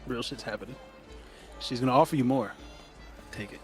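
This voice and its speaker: A man playing in a tabletop game, excitable and swearing as he cheers the others on. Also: medium pitch, brisk, soft background music. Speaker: player. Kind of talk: casual chat at a game table.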